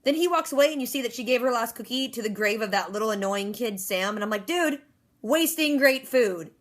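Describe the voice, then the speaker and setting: A woman recapping a TV episode in a rapid, chatty way, dropping sarcastic asides. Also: a little high, fairly even intonation, a bit bright. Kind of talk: casual fast-paced episode recap.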